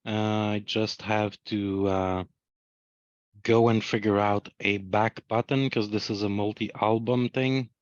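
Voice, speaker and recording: A man with a fairly low voice casually walks others through his website work, stringing thoughts loosely with plenty of fillers. The audio is dry and slightly muffled, like a call microphone. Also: takes it slowly, dry recording. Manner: relaxed, filler-heavy, loosely strung phrases. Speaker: web developer showing his work. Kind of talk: casual show-and-tell on a video call.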